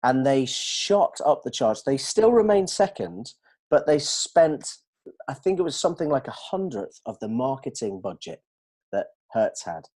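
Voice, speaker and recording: A man explaining communication ideas to colleagues in an animated way, checking that they follow. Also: mid-range voice, measured pace. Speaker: dental communication trainer. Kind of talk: explanatory discussion.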